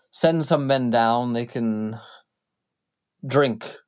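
A man's voice: mid-range voice, extremely slow, a little mellow. A man doing Jasper Wick, a cold curt crime lord.

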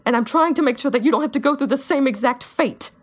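A woman player in a tabletop role-playing game, speaking her character's lines and actions with intensity. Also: high voice. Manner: intense, fast in-character confrontation.

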